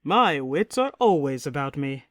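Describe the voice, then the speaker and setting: A woman voicing a boisterous, tipsy middle-aged king in an audiobook, loud and blustering. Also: low-pitched, big pitch swings, unhurried, dry recording, studio quality, pitched below the performer's own voice. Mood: jovial. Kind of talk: audiobook character reading.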